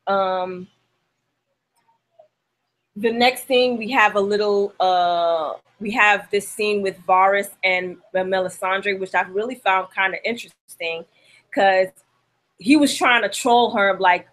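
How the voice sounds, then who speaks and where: A woman's voice: mid-range voice, slow pace, fairly bright tone, poor audio. Chatty young woman recapping a show. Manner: chatty, laughs often, acts out lines from the show. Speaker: podcast host. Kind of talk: casual TV recap chat.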